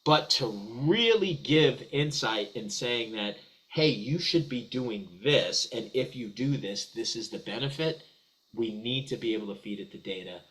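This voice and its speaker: A man's voice: medium pitch, animated, a little slow, a bit bright, rough recording. A man answering as a guest in a business webinar, talking eagerly with frequent restarts and repeated words. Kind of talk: conversational webinar discussion.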